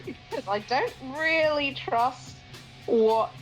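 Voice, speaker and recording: A woman playing a tabletop role-playing game, speaking slowly and deliberately. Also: high-pitched, expressive, faint music behind, rough recording. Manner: slow, thoughtful, deliberate. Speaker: player. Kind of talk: tabletop role-play as a player.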